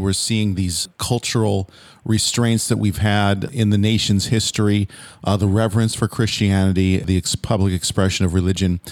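Low-voiced man, deliberate host. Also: darkish tone, no room sound. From California. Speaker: podcast host. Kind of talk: interview questions.

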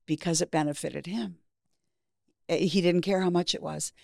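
A woman's voice: on the low side, steady tone, moderate pace, creaky, mellow, no echo, studio quality. A middle-aged woman from Canada, a guest in an interview, telling personal stories candidly and bluntly, with some swearing. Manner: frank, profane, acts out quoted voices. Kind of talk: candid storytelling.

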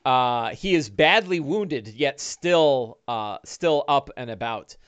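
A man's voice: mid-range voice, slow, smooth, no room sound, dull audio. A man running a one-on-one tabletop game as dungeon master, narrating animatedly with many "uh"s. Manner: animated, lots of uh fillers.

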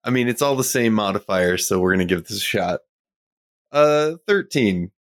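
A man's voice: on the low side, lively intonation, moderate pace, a bit bright, no echo, clean studio sound. A man playing a tabletop game, easygoing and describing what he sees. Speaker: player. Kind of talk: casual tabletop play.

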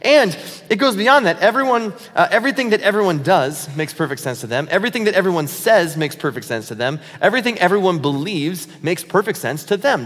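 Pria pendeta, berkhotbah santai dan jenaka. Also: male voice, sits high, fairly bright tone, in a large hall. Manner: conversational preaching with self-mocking asides. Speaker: pastor. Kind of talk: sermon.

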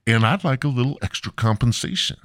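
A man's voice: medium pitch, lively intonation, a little fast, fairly bright tone, no room sound, clean studio sound. A man hosting a podcast, telling a comedic story as a profane, mock-outraged rant. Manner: profane, heavy swearing. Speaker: podcast host.

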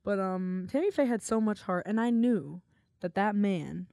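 A woman's voice: mid-range voice, normal speed, mellow, no echo, studio quality. A woman co-hosting a podcast, chatting casually with lots of filler words and giggles. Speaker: podcast co-host. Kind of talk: casual chat.

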